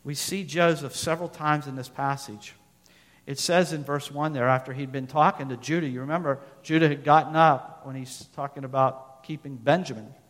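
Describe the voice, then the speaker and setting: A man preaching a sermon, reading scripture aloud and asking his listeners questions, sometimes swelling louder and then dropping soft. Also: mid-range voice, fairly even intonation, normal speed, in a large hall. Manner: asks the listeners questions, reads scripture aloud, loudness rises and falls.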